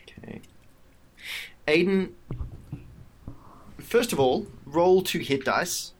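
A man's voice: on the high side, slow, a little hiss or hum. A man narrating as game master of a tabletop game, talking with frequent restarts and hesitations. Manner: hesitant, with many restarts and fillers.

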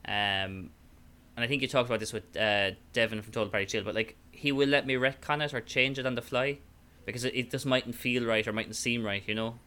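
A man's voice: mid-range voice, fairly even intonation, fairly quick, sharp tone, smooth. An Irish man talking casually about tabletop roleplaying, rambling with lots of fillers and restarts. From Ireland. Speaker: podcast guest, tabletop player. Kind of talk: casual chat.

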